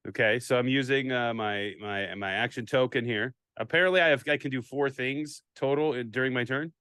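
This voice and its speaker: A man's voice: mid-range voice, fairly quick, fairly bright tone, clean tone, dry recording, clean studio sound. A man with a Minnesota accent who is learning a board game on a casual stream. He is easygoing and agreeable, and often restarts his sentences.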